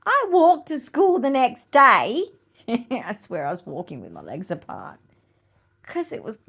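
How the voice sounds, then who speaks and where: A woman's voice: mid-range voice, fairly bright tone, breathy edge. A middle-aged woman with an Australian accent, hosting a podcast in casual chat, blunt, swearing freely and laughing often. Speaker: podcast host.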